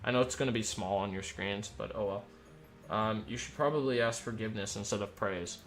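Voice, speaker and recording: A man streaming himself as an air traffic controller. He talks in an upbeat, rambling way between crisp radio calls. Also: fairly low pitch, brisk, soft background music. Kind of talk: live-stream commentary mixed with radio phraseology.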